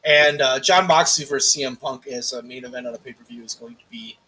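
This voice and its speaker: A man co-hosting a podcast in casual chat, swearing freely and telling animated stories with acted-out quotes. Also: mid-range voice, fast talker. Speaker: podcast co-host.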